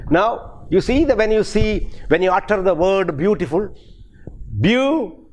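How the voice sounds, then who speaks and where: An older man from India, an English professor giving a recorded university lecture, speaking deliberately and spelling words out letter by letter. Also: sits high, darkish tone.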